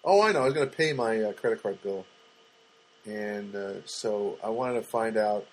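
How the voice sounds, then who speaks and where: A middle-aged man hosting a podcast, rambling through a comic monologue with halting restarts and dry, self-mocking jokes. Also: lowish voice, low-quality recording. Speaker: podcast host.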